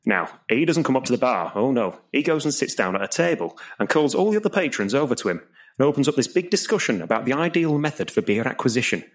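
Brief: male compere, stand-up storytelling, pitch swings around a lot. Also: fast. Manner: lively storytelling with put-on voices for characters. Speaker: comedian and compere. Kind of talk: stand-up comedy routine.

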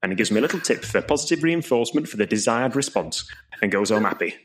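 Brief: male compere, stand-up storytelling, pitch swings around a lot. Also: fast. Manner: lively storytelling with put-on voices for characters. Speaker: comedian and compere. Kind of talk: stand-up comedy routine.

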